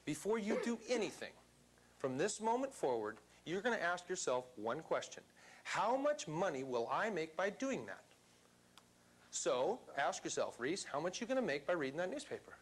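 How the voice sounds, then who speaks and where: A man putting on the voice of a stern, demanding older male mentor who lectures gruffly. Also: on the high side, sing-song, moderate pace.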